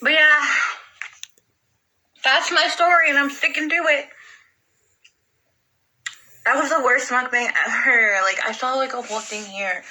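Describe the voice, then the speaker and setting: A woman with a very bright, fairly high voice, telling a rambling story and swearing freely. She leans heavily on "like" and jumps from point to point. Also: steady tone, unhurried, long pauses, poor audio. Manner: rambling, profane, heavy use of "like". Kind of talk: casual storytelling.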